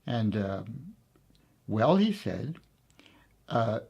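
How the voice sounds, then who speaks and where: Man, interview guest, gravelly voice, husky tone, hesitant storytelling with pauses. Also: lowish voice, very animated, a little mellow, highs cut off. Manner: hesitant, many pauses and fillers; reflective, unhurried storytelling.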